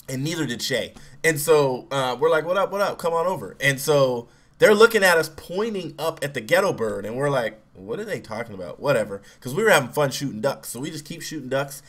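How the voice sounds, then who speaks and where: A young man telling a personal story in a relaxed, casual way, acting out quotes loudly. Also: medium pitch. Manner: relaxed, acts out quotes with raised voice.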